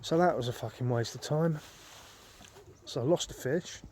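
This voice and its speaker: A man's voice: medium pitch, moderate pace, darkish tone, a little hiss or hum. Swearing man vlogging outdoors. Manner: swearing, rambling, exasperated storytelling. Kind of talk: casual outdoor vlog. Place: outdoors at a lake.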